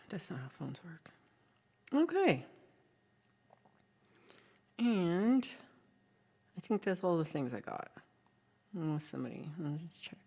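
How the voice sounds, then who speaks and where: A woman with a low voice hosts a relaxed livestream chat. She talks to her viewers in a chatty, rambling way, full of ums, and reads their messages aloud as she goes. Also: takes it slowly, long pauses, slightly rough. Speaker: livestream host.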